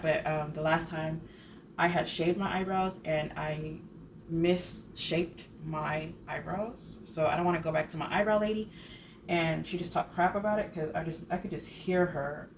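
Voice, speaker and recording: Chatty low-voiced woman in her thirties. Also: steady tone, normal speed, noisy background. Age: 30s. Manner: chatty, rambling, self-correcting. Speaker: budget vlogger. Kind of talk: casual chat.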